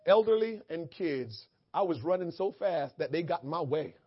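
High husky preacher guy in church, muffled lo-fi sound. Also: lively intonation, normal speed. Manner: conversational preaching building to fervent shouted prayer. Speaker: pastor. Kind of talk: sermon and prayer.

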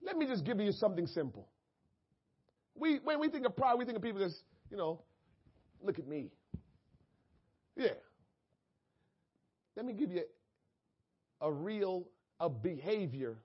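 A man preaching a sermon, moving from quiet, low asides to shouted, drawn-out scripture lines. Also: slightly rough, dull audio. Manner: drawn-out emphatic scripture reading. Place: church.

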